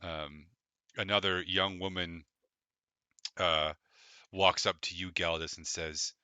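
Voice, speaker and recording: A man's voice: sits low, fairly even intonation, slow pace, long pauses, bright, forceful tone, clean tone, dry recording. A man narrating a tabletop game as game master, loose and full of fillers, laughing easily.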